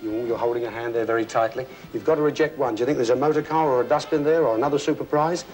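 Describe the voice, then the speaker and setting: A man's voice: mid-range voice, rapid-fire, a little mellow, soft background music, rough recording. A man hosting a television game show, chatty and jokey, talking to contestants and a studio audience. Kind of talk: upbeat studio presenting.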